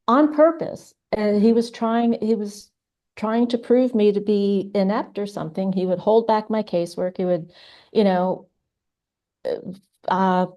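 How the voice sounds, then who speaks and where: A woman's voice: mid-range voice, warm tone. Middle-aged forensic artist woman: mid-range voice, earnest and indignant, frequent restarts. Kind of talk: casual interview.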